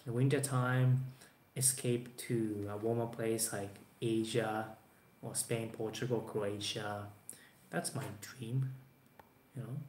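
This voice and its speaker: A man's voice: lowish voice, fairly even intonation, slow pace, a little mellow. A man, talking casually to camera with plenty of fillers and restarts. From Japan. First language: Japanese. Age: 20s. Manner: rambling with many fillers and restarts. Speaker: vlogger. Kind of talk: casual talk to camera answering viewer questions. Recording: roomy echo, faint background noise.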